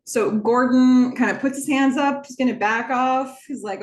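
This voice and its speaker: A woman's voice: fairly high pitch, unhurried, few pauses, roomy sound. A woman hosting a podcast, recapping a TV episode in a casual, chatty way with lots of fillers and asides. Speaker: podcast host.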